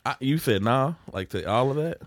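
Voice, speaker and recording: A man chiming in during a casual podcast chat with quick, hyped interjections and swearing. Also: mid-range voice, lively intonation, dry recording, studio quality. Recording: noisy recording.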